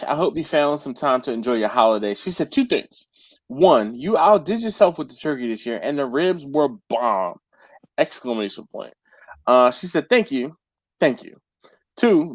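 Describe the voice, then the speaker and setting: A man telling barbecue catering stories in a loose live chat, his pitch jumping around as he acts out what customers texted him. He drops slang like "yo" and "fam" constantly. The sound is dry and close, with no room echo. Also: normal speed. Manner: animated storytelling, acts out customers' messages; uses slang like "yo", "fam", "dog". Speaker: BBQ caterer and channel host. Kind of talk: casual live group chat.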